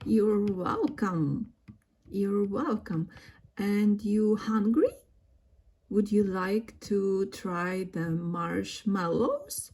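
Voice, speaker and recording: A woman voicing a kind girl doll who hosts a guest in her camper, talking gently and reassuringly. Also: mid-range voice, very slow, breathy edge, pitched below the performer's own voice, heavily acted.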